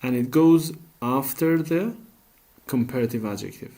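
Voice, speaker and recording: Slow, patient male teacher. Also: mid-range voice, warm tone. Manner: slow, patient, asks questions and answers them himself. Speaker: English teacher. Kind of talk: classroom grammar lesson.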